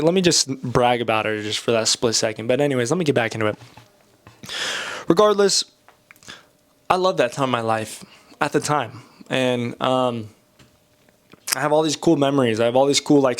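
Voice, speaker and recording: A man's voice: medium pitch, a bit bright. A young man with a slightly nasal voice from a cold, talking casually and candidly while drawing, rambling and joking at his own expense. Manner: candid, rambling, self-deprecating. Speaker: art channel host.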